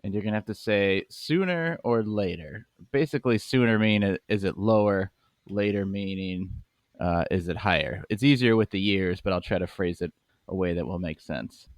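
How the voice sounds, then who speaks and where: A young man hosting a comedy podcast, laid-back and quick to laugh as he runs a game. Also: deep voice, dry recording. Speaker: podcast host running the game. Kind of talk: casual comedy chat.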